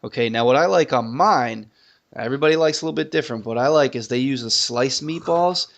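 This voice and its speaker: A man's voice: mid-range voice, brisk, gravelly. A man co-hosting a gaming podcast in casual chat, talking up things in eager detail. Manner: chatty, talks up food in eager detail. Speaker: podcast co-host.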